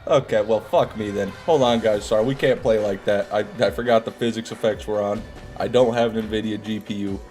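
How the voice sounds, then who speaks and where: Male streamer, low groggy morning voice, chatty and casual with viewers, faint music underneath. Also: steady tone, a little fast, darkish tone. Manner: chatty, reads out viewer messages, swears when frustrated. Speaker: live streamer. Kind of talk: casual gaming stream chat.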